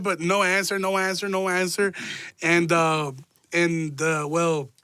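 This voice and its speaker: A young man with a high, bright voice talks at a quick clip, ribbing his friend with crude jokes as he tells the story. The sound is dry and close, with no room around it. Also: little pitch movement, clear, resonant tone, dry recording. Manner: loud, profane, teasing storyteller. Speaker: podcast host. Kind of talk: casual chat.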